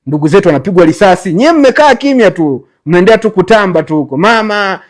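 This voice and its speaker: A man lectures bitterly and sarcastically in a critical commentary. He talks fast in a fairly high voice. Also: lively intonation.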